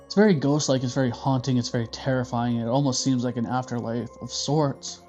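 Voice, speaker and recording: Male review host, loose and profane, mid-pitched, slightly muffled track with light music under. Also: a little fast. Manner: profane, joking, animated. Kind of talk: casual movie review.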